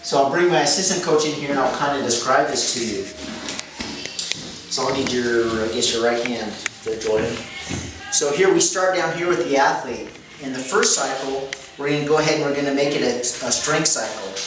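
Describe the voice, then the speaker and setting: A man's voice: mid-range voice, normal speed, background noise. A man coaching, explaining a training method in a methodical way, repeating key phrases and correcting himself as he goes. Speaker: fitness coach. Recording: echoey room, mic at a distance, music behind.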